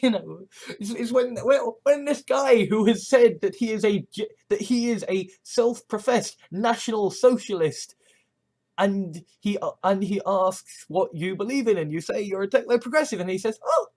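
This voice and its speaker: A medium-pitched vlogger rambles through a casual monologue, halting often with many restarts and nervous laughs. The tone is earnest and agitated, with some swearing.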